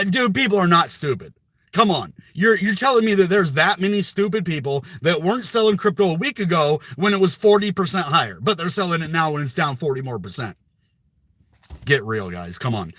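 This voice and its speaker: A man's voice: fairly high pitch, bright, forceful tone, no room sound. A young man hosting a crypto video channel, ranting passionately with rhetorical questions and repeated words. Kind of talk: emphatic crypto commentary to camera.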